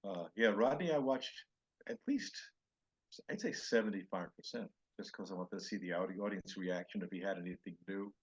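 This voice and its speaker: An older male comedian with a low, husky voice tells stories from his career. He jumps into quoted voices and back, and the sound is dull and lo-fi. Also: brisk. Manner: animated anecdotes with acted-out quotes. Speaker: comedian guest. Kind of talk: storytelling interview chat.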